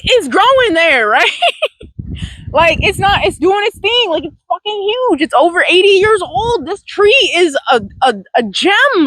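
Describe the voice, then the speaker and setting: A woman with a high voice talks in a casual self-help vlog, blunt and profane, restarting her sentences as she goes. She is recorded outdoors beside a big tree, and the sound is dry and close. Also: a bit bright, dry recording, low-quality recording. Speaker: vlogger. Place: outdoors near a large tree. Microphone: phone or camera recording herself.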